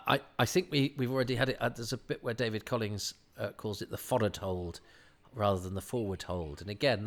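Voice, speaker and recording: A man giving a casual commentary on a classic TV serial, chatty and halting, breaking into acted-out quotes. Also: fairly low pitch, fairly bright tone.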